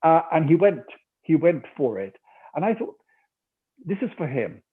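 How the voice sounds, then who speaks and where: Older Geordie man, husky, over a tinny call. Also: on the high side, normal speed. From Newcastle, England. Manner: animated storyteller, acting out quotes and laughing often. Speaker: audiobook narrator and actor. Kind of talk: remote interview conversation.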